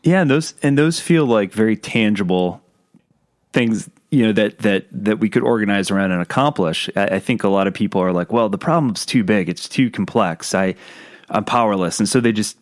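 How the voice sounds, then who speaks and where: A man's voice: on the low side, normal speed. A man hosting a podcast, speaking hesitantly with repeated words and supportive replies. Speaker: podcast host. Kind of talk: conversational interview.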